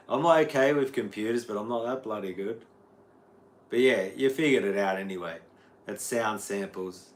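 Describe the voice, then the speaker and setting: An Australian man, a guitar teacher, rambling casually on a livestream and answering viewers' chat. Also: fairly low pitch. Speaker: guitar teacher streaming live.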